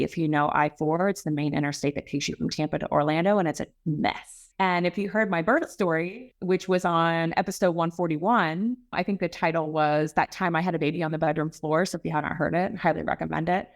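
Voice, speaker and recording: Chatty podcast host, woman in her forties, slightly low voice, casual storyteller. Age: 40s. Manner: chatty, acts out dialogue in lively voices.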